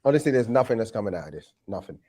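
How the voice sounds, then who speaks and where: Brief: male pundit, lively swinging delivery, joking casual reactions. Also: on the low side, very fast. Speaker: guest analyst. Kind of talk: casual watch-along chat.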